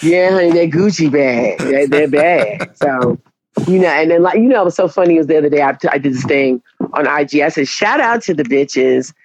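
A woman's voice: low voice, fast talker. A woman, a teacher and podcast guest, telling dramatic, profane stories in casual chat. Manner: animated, profane, dramatic storyteller. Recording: dull, dry lo-fi recording.

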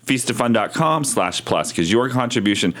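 A man co-hosting a podcast, reading the show's announcements in a steady, plain way. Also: medium pitch, normal speed. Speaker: podcast co-host. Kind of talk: casual podcast chat.

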